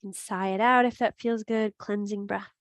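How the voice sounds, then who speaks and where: A woman teaching a gentle yoga class, giving steady cues with chatty asides and laughing at her own slips. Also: mid-range voice, normal speed, no echo. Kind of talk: guided yoga class instruction.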